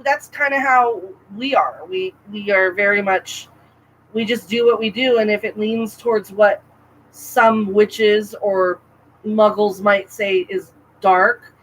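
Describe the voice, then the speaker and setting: A woman co-hosting a casual podcast chat, talking in an animated, rambling way with frequent restarts. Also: medium pitch, takes it slowly, slight background noise, rough recording. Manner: chatty, animated, self-interrupting with restarts. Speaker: podcast co-host.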